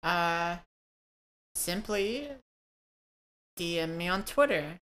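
A woman co-hosting a casual podcast chat, joking dryly and pausing often on fillers. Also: deep voice, fairly even intonation, fairly bright tone. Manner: dry, joking, hesitant with fillers.

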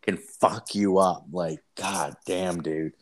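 A man's voice: deep voice, steady tone, takes it slowly. A young man telling a story in casual, profane, rambling chat, full of fillers.

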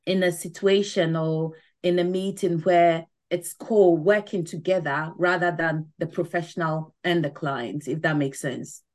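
A woman's voice: on the low side, steady tone, a little slow, hardly any pauses, darkish tone. A middle-aged woman speaking as a podcast guest, explaining things earnestly in a casual interview and often adding "you know". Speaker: podcast guest, mental wellness ambassador.

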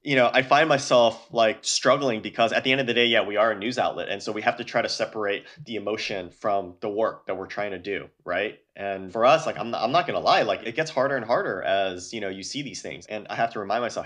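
A man's voice: fairly low pitch, fast, few pauses, fairly bright tone. Earnest American man full of fillers. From United States. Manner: earnest, many fillers, like and you know. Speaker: news outlet guest. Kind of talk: casual interview talk.

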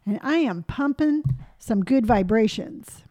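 A woman's voice: on the high side, expressive, unhurried, dark tone, dry recording, clean studio sound. A woman in her forties in casual chat, playful and giggly, spinning silly made-up scenarios.

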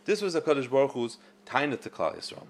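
A man teaching a Torah class on scripture. He speaks in an animated way and often repeats words while he thinks. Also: mid-range voice, fast talker, noisy background.

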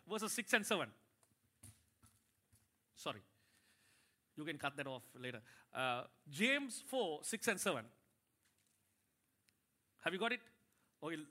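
A man pastor preaching a sermon in church, animated, with rising emphasis and call-and-response to his congregation. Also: on the high side.

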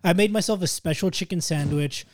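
A young man chatting casually with friends, telling animated stories full of swearing and laughter. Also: high voice, a little fast. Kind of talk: casual storytelling chat.

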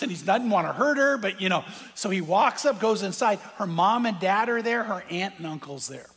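A man's voice: high-pitched, animated, a little fast, hardly any pauses, a bit bright, slight background noise. A man preaching a sermon, telling a story earnestly and speaking straight to his congregation. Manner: earnest storyteller who addresses the congregation directly. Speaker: pastor. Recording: long hall reverb.

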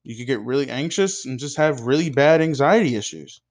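A young man giving a scripted devotional talk with an earnest, measured preaching cadence. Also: mid-range voice. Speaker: speaker in a devotional video.

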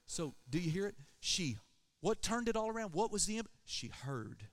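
A male pastor delivers an emphatic sermon in a church. His voice sits slightly high, and he drives each point home with calls for amen. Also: big pitch swings, moderate pace.

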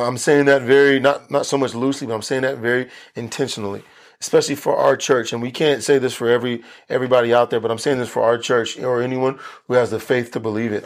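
A man pastor teaching a Bible study for video, earnest and emphatic, repeating key phrases for stress. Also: mid-range voice.

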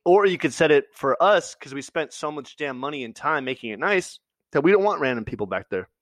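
A man's voice: fairly high pitch, animated, a little fast, a bit bright, no room sound. A man telling a story in casual chat, swearing and acting out the people he quotes.

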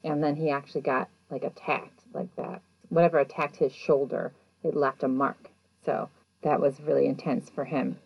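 Low-voiced chatty woman podcaster. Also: normal speed, creaky, slightly rough, dry recording, dull audio. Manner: chatty, animated retelling with quoted voices. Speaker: podcast host. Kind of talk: casual episode recap.

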